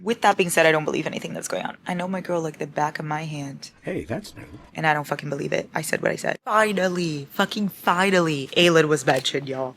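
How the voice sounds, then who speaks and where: A woman's voice: deep voice, fairly bright tone, a little hiss or hum. A young woman chatting casually at home about the books she is reading, swearing and reacting dramatically. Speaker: book vlogger. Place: home at night.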